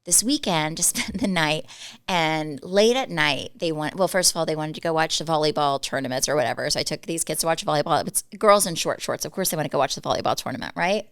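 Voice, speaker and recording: Chatty woman, smooth low voice. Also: no room sound. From Dallas, Texas. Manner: chatty storyteller, quick laughs, animated quoting. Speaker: podcast co-host. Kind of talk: casual chat.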